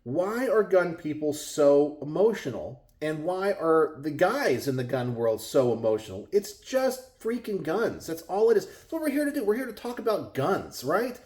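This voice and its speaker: A middle-aged man with a Texan accent talks to his viewers in a loose, rambling monologue from his garage. He sounds exasperated and keeps firing rhetorical questions. His speaking voice sits somewhat high for a man. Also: big pitch swings, moderate pace, few pauses, darkish tone. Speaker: gun channel host. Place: home garage.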